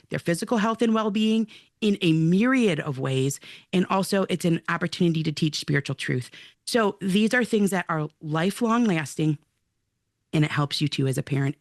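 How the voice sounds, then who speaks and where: A woman's voice: lowish voice, no room sound, studio quality. A woman in her forties, a guest in an interview, telling a personal story with earnest energy and acting out what people said. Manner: lively, earnest storytelling with acted-out quotes. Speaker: guest, mother and outdoor-play advocate.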